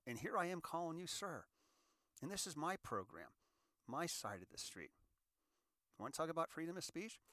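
A man's voice: a little high, sing-song, normal speed, pauses often, sharp tone, no echo, studio quality. A man in his sixties hosting a show, talking casually to listeners in a folksy way, often repeating words as he gives advice. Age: 60s. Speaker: show host.

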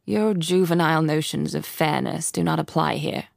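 A woman voicing a stern, commanding older woman who speaks in a measured, formal way. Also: low voice, fairly even intonation, gravelly, dry recording, studio quality.

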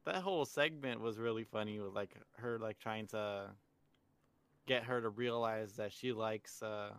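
A man's voice: lowish voice, unhurried, fairly bright tone, clear, resonant tone. A young man co-hosting a podcast in a laid-back way, chuckling often and throwing in short replies. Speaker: podcast co-host. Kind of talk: casual chat.

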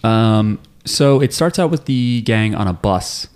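A man trades jokes with his co-hosts over a podcast recap. His voice sits a little low, loose and full of fillers. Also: lively intonation, unhurried, a little mellow, clean tone. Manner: joking, rambling with fillers. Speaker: podcast co-host. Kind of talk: casual chat recap.

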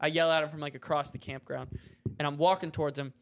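A young man casually telling a story on a podcast, acting out the quotes with sudden loud yelps. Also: a little high, flat delivery, fast talker, vocal fry. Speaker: podcast co-host.

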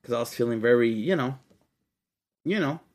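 A man's voice: mid-range voice, normal speed, darkish tone. A young man hosting a casual podcast, talking loosely and animatedly and swearing freely, calling his co-host dude and bro. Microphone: podcast studio mic.

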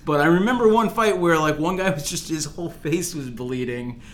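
A man's voice: fairly high pitch, moderate pace. A young American man hosting a podcast, chatting casually and telling jokey stories with many "like"s and restarts. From United States. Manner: rambling, filler-heavy, jokey storytelling. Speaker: podcast host.

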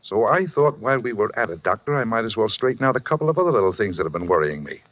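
A man's voice: on the low side, expressive, racing, a bit bright. An actor playing a boastful, self-justifying former railroad brakeman who is a psychiatrist's patient, in a 1940s radio drama. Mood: jovial. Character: shifty middle-aged man, a former railroad brakeman. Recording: dull old radio recording.

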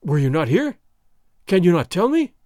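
A man voicing a mild, teasing young nobleman who speaks in a lively, mannered way. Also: sits high, moderate pace, no echo, studio quality. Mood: needling, mock-innocent.

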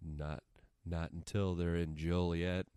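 A man co-hosting a podcast, chatting casually in a halting way with dry humor. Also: low voice, level tone, warm tone, clean tone, no room sound. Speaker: podcast co-host. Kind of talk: casual chat.

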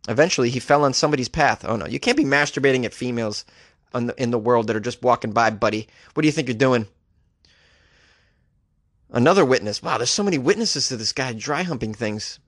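A man's voice: medium pitch, lively intonation, fairly quick, fairly bright tone, dry recording, studio quality. A man hosting a comedic news podcast, joking and laughing at his own gags as he reads out the stories.

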